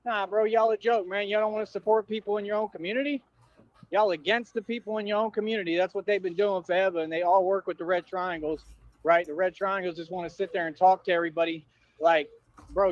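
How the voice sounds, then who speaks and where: High-voiced man ranting on a livestream. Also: steady tone, quick pace, no echo. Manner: confrontational, slangy, repetitive ranting at viewers. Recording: dull dry livestream audio.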